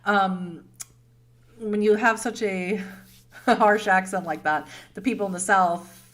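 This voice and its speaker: A woman's voice: medium pitch, fairly even intonation, slow pace. Chatty Boston woman on a livestream. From Boston, United States. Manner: chatty, laughs often, warm and rambling. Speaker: streamer host answering chat. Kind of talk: casual livestream chat.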